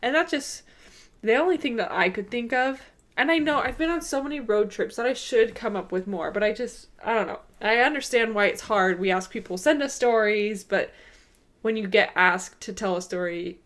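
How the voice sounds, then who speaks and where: Animated young woman telling stories. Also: on the high side, normal speed. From Arizona, US. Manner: animated, laughs a lot while telling stories. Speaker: podcast co-host. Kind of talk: casual chat, storytelling.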